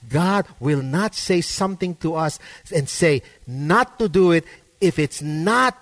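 A man preaching a sermon as pastor, with emphatic delivery that rises and swells to stress each point. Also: big-room sound. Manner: emphatic preaching, rising pitch and volume for stress.

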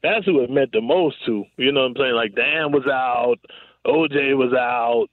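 A man's voice: medium pitch, moderate pace, dry recording. Chatty ex-athlete man on a tinny line. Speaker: former pro football receiver, guest. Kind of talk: casual storytelling interview. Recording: dry, tinny phone-like line.

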